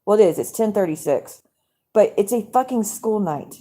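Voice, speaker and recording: At home at night, a woman angrily rants to her live-stream viewers, swearing freely and jumping from one complaint to the next. Her dark, mellow, medium-pitched voice is expressive, moving at a moderate pace as she addresses them casually.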